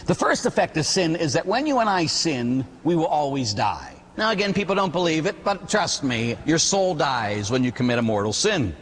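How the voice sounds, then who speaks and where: A man, a Catholic priest, preaching a sermon with animated, emphatic delivery and storytelling. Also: on the high side, normal speed, few pauses, breathy edge, big-room sound.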